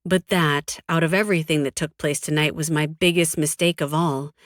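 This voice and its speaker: Woman, audiobook narrator, first person, cold flat delivery, low pitch, dry. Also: moderate pace, dry recording. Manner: cold, flat, defiant, with frequent swearing.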